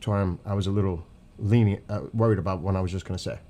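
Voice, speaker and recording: A man's voice: sits low, steady tone, quick pace, mellow, slight background noise. A man with a New York accent hosting a live stream, ranting emotionally and profanely about politics to his chat. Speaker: livestream host. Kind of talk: heated political commentary to chat.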